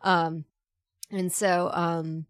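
A woman's voice: lowish voice, extremely slow, no room sound. Chatty woman with a dry sound. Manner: chatty, laughs often, animated storytelling. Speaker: voice actor, podcast guest. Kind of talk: casual chat.

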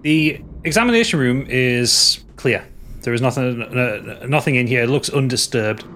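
A man's voice: mid-range voice, expressive, normal speed, fairly bright tone, slight background noise. A man running a tabletop game as game master, describing scenes and often stumbling and repeating words as he goes.

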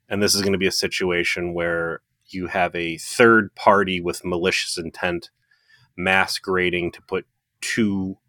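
Low-voiced, forceful man co-hosting a podcast. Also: dry recording, studio quality. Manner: opinionated, wry, swears casually. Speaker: podcast co-host. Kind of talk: casual review chat.

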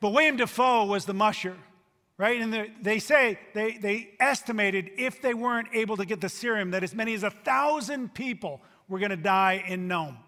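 A man preaching a sermon as a pastor, emphatic, swinging between loud and hushed. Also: high-pitched, normal speed. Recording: long reverb of a large hall.

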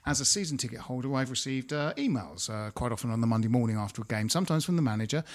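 A man's voice: medium pitch, animated, racing. A man hosts a casual chat in a plain mid-range voice. He rambles and jokes, and he keeps stopping to correct himself. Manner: rambling, jokey, self-correcting. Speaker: podcast host.

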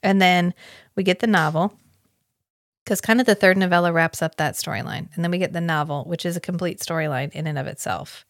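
A woman's voice: fairly low pitch, no room sound, studio quality. A woman co-hosting a podcast, chatting casually and thoughtfully about a book. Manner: reflective, quotes characters in quick asides. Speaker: podcast co-host. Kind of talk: casual book-club chat.

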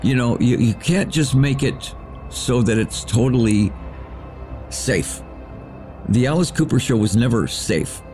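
Interview guest: mid-pitched man, thoughtful, halting restarts, light music under him. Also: expressive, darkish tone. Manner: reflective, restarts sentences with fillers. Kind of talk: casual interview.

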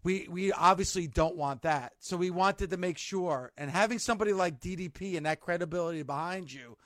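A man's voice: high-pitched, a little fast, fairly bright tone, no room sound. A man hosting a talk show interview, asking earnest, leading questions. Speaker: radio show host.

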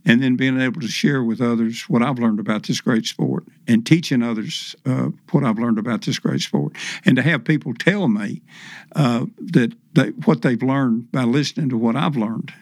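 An older man, a professional fisherman as podcast guest, telling folksy stories slowly with plenty of fillers and acted-out quotes. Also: mid-range voice, no room sound. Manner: folksy, unhurried, many fillers, acts out quotes. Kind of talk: casual storytelling interview.

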